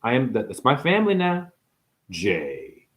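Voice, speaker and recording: A man ranting to camera in an improvised, preachy monologue, swearing freely, firing off rhetorical questions and slowing down hard to hammer points home. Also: medium pitch, wildly swooping pitch. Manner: profane, emphatic, rhetorical questions; slows down hard for emphasis. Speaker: spiritual vlogger and store owner.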